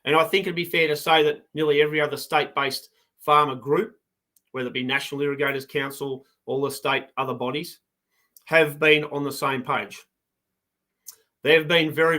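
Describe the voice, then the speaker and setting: A man's voice: medium pitch, sharp tone. A middle-aged man with an Australian accent, a farm advocate giving fired-up, combative commentary on a live broadcast.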